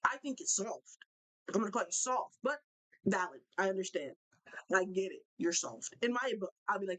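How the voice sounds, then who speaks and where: A young woman hosting a live basketball talk show, ranting in an animated way and repeating herself for emphasis. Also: mid-range voice, moderate pace, poor audio. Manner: animated, repetitive, fired-up ranting. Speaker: show host.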